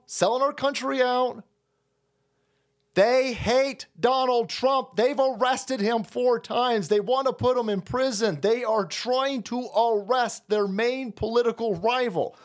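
On his stream, a strikingly high-voiced man unleashes a heated, foul-mouthed political tirade that never lets up. He hammers points by repeating them and mimics his opponents in sarcastic mock quotes.

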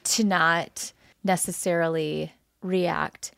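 Woman, podcast co-host, frank, emphatic, lower voice, dry close sound. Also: steady tone, slow pace, gravelly, fairly bright tone, smooth, no room sound. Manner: emphatic, frank, repeats phrases for stress. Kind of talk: candid couple conversation.

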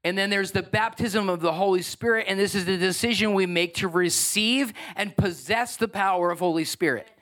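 A male pastor preaching a sermon, energetic and building in pitch to stress his points. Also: moderate pace, few pauses.

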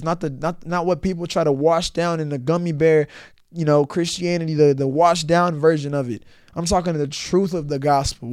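A man's voice: fairly high pitch, a little mellow, clear, resonant tone, dry recording, clean studio sound. A young man preaching earnestly and then praying, repeating himself for emphasis and often ending phrases with "man". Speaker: Christian podcast host.

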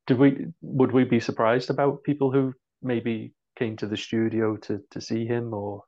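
A man's voice: mid-range voice, little pitch movement, moderate pace, a little mellow. Male interviewer with hesitant questions, muffled lo-fi audio. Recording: dull lo-fi audio.

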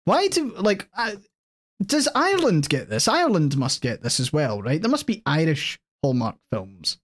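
Animated, swearing Scottish podcast co-host. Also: mid-range voice, moderate pace. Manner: animated, swears freely, laughs often. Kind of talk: casual chat.

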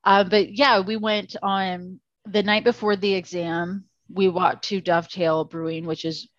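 A woman co-hosting a podcast in casual chat, tired and gravelly voiced, rambling with lots of fillers and restarts. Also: mid-range voice, fairly even intonation, measured pace, dry recording, lo-fi sound. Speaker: podcast co-host.

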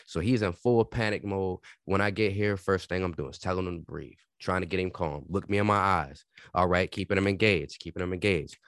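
A man with a lowish voice co-hosts a casual podcast, telling stories loosely and profanely with bursts of energy. The sound is dry and close to the mic. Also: a little fast, no echo. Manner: profane, animated storytelling. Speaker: podcast co-host.

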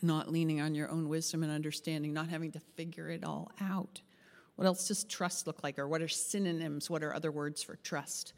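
A woman's voice: low voice, flat delivery, a little fast. A woman pastor giving a chatty, interactive sermon and asking the group questions. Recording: long hall reverb.

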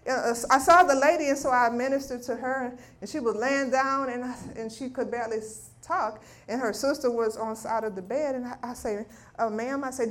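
A middle-aged woman giving a spoken testimony at a ministry meeting, telling a story with lively acted-out quotes. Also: fairly high pitch, moderate pace, hardly any pauses. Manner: animated storytelling, acting out voices of family members. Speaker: guest speaker at a women's ministry meeting. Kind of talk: testimony preaching.

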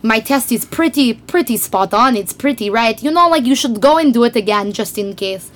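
A woman imitating a brisk, insistent Russian woman from a lip clinic, with a Russian accent. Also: a little high, animated, lightly acted. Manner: dismissive, insistent.

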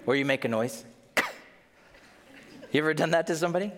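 Playful, lively-voiced preacher in a reverberant sanctuary. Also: male voice, fairly high pitch, fairly quick. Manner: playful, jokey, acts out listeners' reactions. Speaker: pastor. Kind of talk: humorous conversational sermon. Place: church sanctuary. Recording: long reverb of a large hall.

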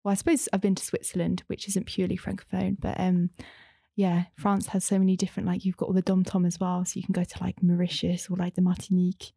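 Chatty young woman, mellow and dry. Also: lowish voice, completely flat delivery, fast talker, vocal fry, breathy edge, no echo. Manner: chatty, rambling with many fillers and "like". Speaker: interview guest, former language student. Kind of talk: casual conversation.

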